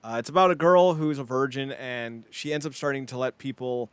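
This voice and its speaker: A man's voice: medium pitch, brisk, smooth, dry recording. A man co-hosting a wrestling podcast, chatting casually, rambling and laughing often, acting out quotes in little voices. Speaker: podcast co-host. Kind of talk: casual chat.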